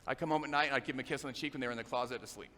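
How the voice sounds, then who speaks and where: Bright-voiced man speaking in a hall. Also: mid-range voice, very fast. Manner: emphatic, repeats phrases in driving rhythm. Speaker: motivational speaker at a business event. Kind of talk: energetic motivational speech. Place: large event hall, live on stage. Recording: echoey hall, faint ambience.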